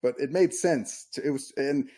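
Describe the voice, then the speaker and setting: A man's voice: mid-range voice, normal speed, mellow. A man in his thirties, a comedian and podcast co-host, telling a rambling, self-mocking story in casual chat.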